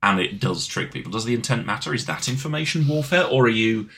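A man's voice: mid-range voice, quick pace, slight background noise. A man co-hosting a podcast, joking and talking over his co-host in casual chat. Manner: animated, jokey, talks over co-host.

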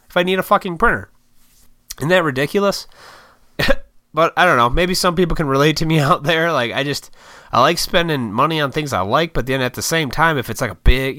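A man's voice: a little high, sharp tone, no room sound, studio quality. An American man hosting a casual solo podcast, rambling and swearing freely with frequent laughs. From United States. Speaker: podcast host.

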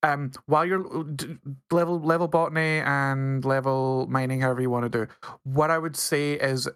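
A man with a mid-pitched voice co-hosting a gaming podcast. He offers tips in an unhurried, helpful way. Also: fairly even intonation, fairly bright tone, clean tone, no echo, studio quality. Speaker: podcast co-host. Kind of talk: casual chat.

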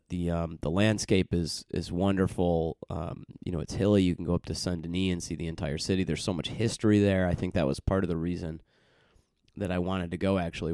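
Low, gravelly and mellow, this man's voice comes through in studio quality with no room sound. Still getting over a cold and jet lag, the podcast host rambles through a casual solo monologue, chatty and loose, with lots of fillers, restarts and self-corrections.

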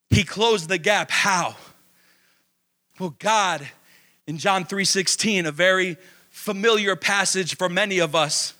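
A man's voice: high voice, pushed and bright. A man preaching a sermon, emphatic, asking questions and answering them himself, stretching key words.

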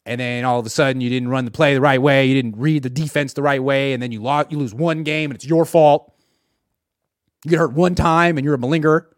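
A man giving solo sports reaction commentary, sarcastic and animated, acting out imagined quotes from the people he talks about. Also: medium pitch, brisk, no echo, clean studio sound.

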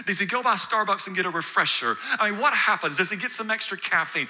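High, bright-voiced man preaching. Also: lively intonation, fast talker, hardly any pauses. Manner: preaching with rising emphasis and repetition. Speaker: pastor. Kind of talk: sermon.

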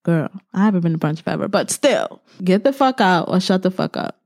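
A woman's voice: lowish voice, animated, fairly quick, darkish tone. A woman with a New York accent, co-hosting a podcast in a heated, profane, emphatic rant. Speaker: podcast co-host.

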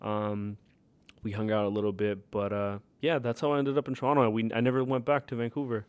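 A man in his twenties with a Californian accent, telling stories as a podcast guest, animated and full of "like" fillers, laughing often. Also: fairly low pitch, fairly quick, smooth, dry recording. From Thailand and California. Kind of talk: casual storytelling.

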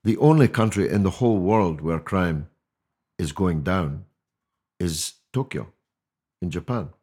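A man's voice: deep voice, lively intonation, unhurried, a little mellow, slightly rough. An older man, a guest on a podcast interview, talking in an emphatic, rhetorical way with many restarts. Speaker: mayoral candidate guest.

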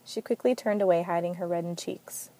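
A woman narrating an amateur story reading in a steady, plain manner. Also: fairly low pitch, brisk.

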